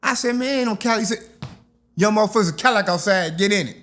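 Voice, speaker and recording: A man's voice: high voice, rapid-fire, fairly bright tone. An older man, telling stories from his youth in a casual interview and acting out the voices. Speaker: interview guest.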